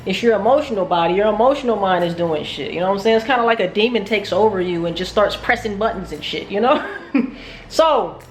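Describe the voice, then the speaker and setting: A woman's voice: mid-range voice, animated, brisk, reverberant, slight background noise. A woman telling a casual, profane, self-mocking story about her day trading. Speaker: trading vlogger.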